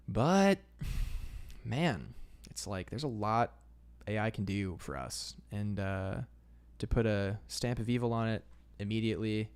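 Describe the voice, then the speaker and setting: A young man with a low, gravelly voice talks through his drawing on a livestream. He rambles along in a laid-back way, full of fillers, and keeps calling his viewers "man.". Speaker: illustrator streaming live. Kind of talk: casual livestream chat reading comments.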